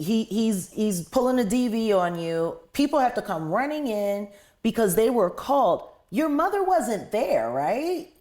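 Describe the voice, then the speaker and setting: A woman's voice: mid-range voice, a little mellow. A woman hosting an interview who stops to recap and check the facts for her audience. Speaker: talk show host.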